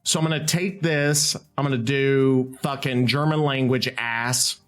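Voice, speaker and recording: A man hosting his own show in a casual, rambling way, excitable and swearing freely. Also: mid-range voice, a little slow, faint music behind. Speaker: host. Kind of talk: casual talk while using AI tools.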